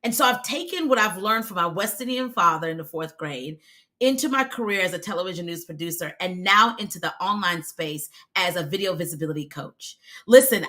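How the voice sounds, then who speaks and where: Animated American woman coaching live. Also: medium pitch. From United States. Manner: animated, emphatic, talks to viewers in the comments. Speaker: video visibility coach. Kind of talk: live-streamed coaching talk.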